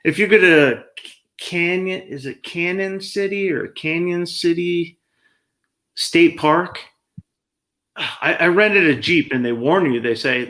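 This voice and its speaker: Man, casual live-stream chat, slightly higher voice, rambling, sarcastic. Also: slow pace. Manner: sarcastic, rambling, animated storyteller.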